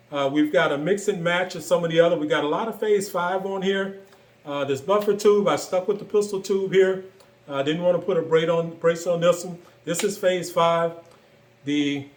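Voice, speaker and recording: A man with a slightly raised voice talks through his gear in an easy, unscripted way, trailing off and filling gaps as he goes. The room around him rings with a noticeable echo. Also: on the high side. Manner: relaxed, rambling, many fillers and pauses. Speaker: gun enthusiast showing his builds. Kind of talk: casual product walkthrough.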